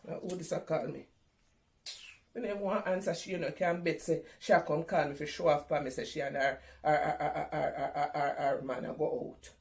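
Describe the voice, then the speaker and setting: A woman's voice: sits low, steady tone, brisk, vocal fry. A middle-aged woman with a Jamaican accent performing a theatrical comic monologue in patois. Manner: theatrical, exclaiming, talks to God and phone. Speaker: comedy performer.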